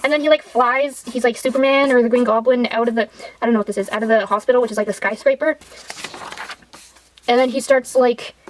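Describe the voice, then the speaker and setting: A woman with a fairly high voice retells a film while drawing, rambling and irreverent. Her talk is full of fillers and asides. A faint noise sits behind her. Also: fairly even intonation, a little fast, rough recording. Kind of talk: rambling casual film recap.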